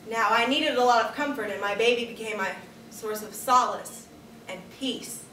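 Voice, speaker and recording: A woman performs a staged first-person monologue, reflective and measured. Her voice sits fairly high. It is recorded from a distance in a roomy space with faint background noise. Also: fairly bright tone. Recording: echoey room, distant camera mic.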